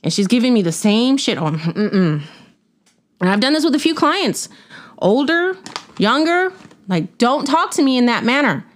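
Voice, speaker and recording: A woman's voice: fairly high pitch, sing-song, moderate pace. A woman hosting a podcast, telling a casual, blunt story about difficult customers and swearing freely along the way. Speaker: podcast host.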